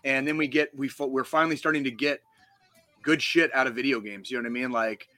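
A man's voice: medium pitch, fairly even intonation, fast, pushed and bright, no echo. Profane, heated man ranting on a podcast. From United States. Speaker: podcast co-host. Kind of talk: casual podcast chat.

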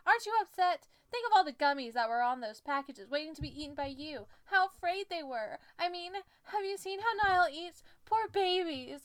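A woman voicing an excitable, dramatic teenage girl in a fan-fiction reading, with over-the-top outrage. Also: high voice, normal speed, hardly any pauses, pitched above the performer's own voice. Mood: pleading.

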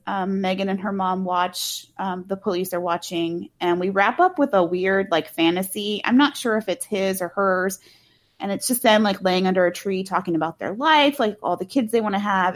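A woman's voice: mid-range voice, moderate pace. A woman co-hosting a casual true-crime podcast, talking bluntly with swearing and lots of filler words. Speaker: podcast co-host.

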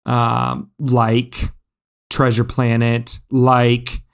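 A man co-hosts a podcast in a loose, casual chat. His voice sits in a middle register, and he talks in an animated way, full of ums and uhs. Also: mid-range voice, drawn-out words, vocal fry, clear, resonant tone. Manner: chatty, animated, with many fillers. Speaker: podcast co-host.

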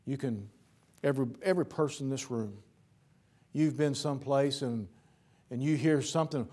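A man preaching a sermon in plain folksy speech, repeating words for emphasis and swinging from loud bursts to low, soft phrases. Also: moderate pace, long pauses.

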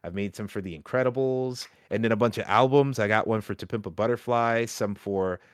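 A man hosting a casual gaming podcast, talking excitedly and often breaking into laughter. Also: lowish voice, a little fast, clear, resonant tone, no echo, clean studio sound. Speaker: podcast host. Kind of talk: casual chat.

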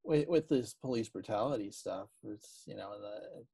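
A man's voice: lowish voice, expressive, moderate pace, vocal fry, dark tone, husky. A man hosting a casual chat, who often agrees and asks follow-up questions. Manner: encouraging, frequent agreeing interjections.

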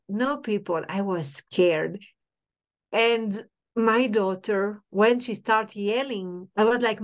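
Halting middle-aged woman. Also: medium pitch. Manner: halting, repeats herself, many restarts. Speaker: podcast guest. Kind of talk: emotional personal storytelling.

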